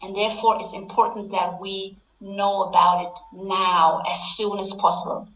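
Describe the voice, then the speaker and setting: A woman's voice: mid-range voice, level tone, normal speed, a bit bright. A woman business coach giving an earnest, explanatory talk that addresses her audience directly. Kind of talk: motivational webinar talk. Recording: echoey, dull lo-fi sound.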